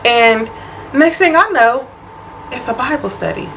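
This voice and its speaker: Animated woman telling a story. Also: fairly high pitch, normal speed, a little hiss or hum, rough recording. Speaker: vlogger. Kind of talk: storytime vlog.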